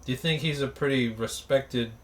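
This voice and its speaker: A young man co-hosting a casual podcast chat, joking and acting out characters in quick bursts. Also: medium pitch, a bit bright. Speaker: podcast co-host.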